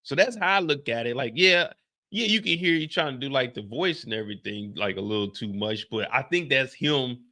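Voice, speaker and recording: A man's voice: mid-range voice, expressive, a little fast, bright, forceful tone. A young man hosting a live stream, talking loosely in a chatty, casual way and repeating "like" and "you see what I'm saying". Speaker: streamer reviewing a TV episode.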